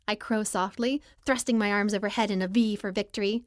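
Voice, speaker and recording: A woman reading a first-person romance novel aloud as audiobook narrator, in a lively, expressive style. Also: mid-range voice, fairly quick, dry recording, clean studio sound.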